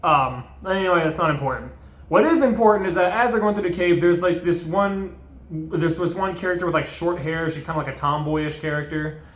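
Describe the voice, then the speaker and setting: A man's voice: fairly high pitch, brisk, a bit bright, reverberant. A man casually recapping a movie in a rambling, profane way, with many fillers. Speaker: video host.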